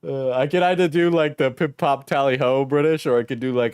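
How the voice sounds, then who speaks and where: A man's voice: medium pitch, steady tone, a little fast, few pauses, a little mellow, clear, resonant tone, no room sound, clean studio sound. A man streaming, chatting casually and joking crudely while reacting to a video.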